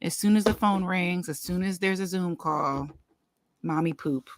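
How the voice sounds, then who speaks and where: A woman guest on a panel podcast, telling a story in an animated, laughing way. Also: on the low side, normal speed, no echo. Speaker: brand strategist and podcast guest. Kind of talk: casual storytelling.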